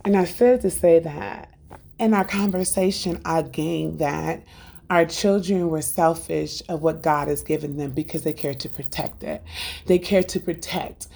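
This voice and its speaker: A middle-aged woman talking through her faith podcast with a gravelly, husky voice. She tells stories in a loose, animated way and breaks into laughter between her thoughts. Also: sits low, measured pace. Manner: animated storytelling, acts out family dialogue. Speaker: podcast host. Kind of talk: unscripted faith podcast talk.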